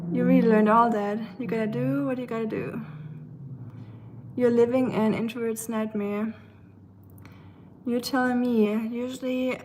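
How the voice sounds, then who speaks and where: A woman's voice: on the high side, a little mellow, slight background noise. A woman from Germany with a German accent, casually chatting with viewers while cooking and often laughing as she answers their comments. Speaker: live-stream host. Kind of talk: casual live-stream chat while cooking. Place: home kitchen.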